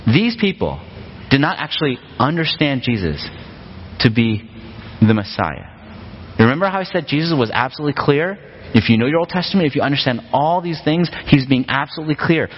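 A pastor preaching a sermon in a relaxed, conversational way, often asking the congregation rhetorical questions. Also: male voice, fairly high pitch, slight background noise. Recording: long hall reverb, dull lo-fi sound.

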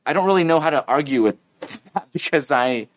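A man preaching a sermon, playing out angry exchanges in lively voices and laughing between points. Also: a little high, brisk, no echo. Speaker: pastor. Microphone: miked with sound engineer.

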